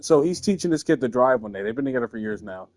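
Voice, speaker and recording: A man's voice: mid-range voice, animated, fast, darkish tone, soft background music. A young man hosting a casual, comedic chat, telling rambling stories full of swearing. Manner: crude, rambling storytelling with swearing. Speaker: host.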